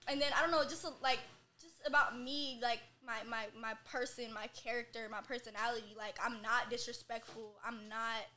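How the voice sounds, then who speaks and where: A young woman with a high, bright voice chats casually as a podcast guest. Her talk is loose and profane, packed with filler words. She sounds relaxed and unguarded. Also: normal speed, a little hiss or hum.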